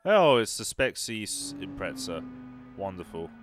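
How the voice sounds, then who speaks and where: A man giving casual gameplay commentary while he plays a racing game, with an average-pitched voice. He talks in a chatty, sarcastic way and reacts out loud to what happens in the race. Faint music plays under his voice. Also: animated, measured pace. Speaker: gaming YouTuber.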